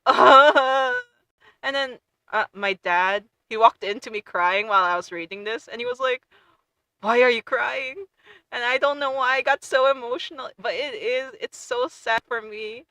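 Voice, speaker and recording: A woman streamer chatting casually and gushing with excitement, often stumbling and restarting her sentences. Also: medium pitch, no room sound, poor audio. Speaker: VTuber streamer.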